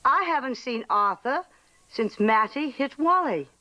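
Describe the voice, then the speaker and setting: An actress in a 1950s western playing a calm, steady woman who questions people firmly and coaxes children. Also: high voice, a little slow, full character voice. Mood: probing. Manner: firm, coaxing and probing. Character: steady grown woman, calm family mainstay. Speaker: actor in a western film. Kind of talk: 1950s film acting.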